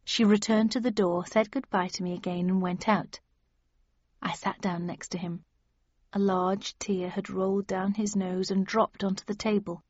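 A woman's voice: medium pitch, flat delivery, moderate pace, a little mellow, no room sound, lo-fi sound. A woman narrating a novel, shifting her voice for each character. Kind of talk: audiobook narration.

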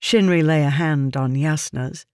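Slow, measured audiobook narrator. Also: medium pitch, smooth, dry recording, studio quality. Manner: measured, deliberate reading. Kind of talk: scripted fantasy narration.

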